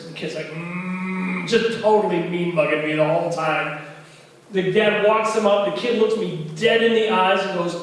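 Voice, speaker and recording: A man with a voice that sits high performs spoken storytelling at an open mic in a bar, speaking at a moderate pace. He animatedly voices the kids and friends in his tale, captured from a distance in the echoey space.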